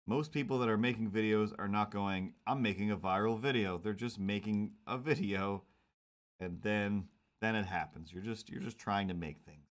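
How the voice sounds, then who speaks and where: A man's voice: lowish voice, moderate pace. A man chatting casually while drawing comics on a stream, rambling with jokey mock outrage and slipping into silly voices.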